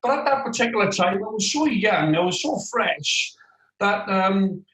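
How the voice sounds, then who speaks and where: Man, 40s, ex-player guest, animated raconteur, slightly high voice, echoey room. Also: normal speed. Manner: animated, tells stories with lively quoted voices. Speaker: guest, former footballer. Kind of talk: casual interview storytelling. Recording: roomy echoey room sound.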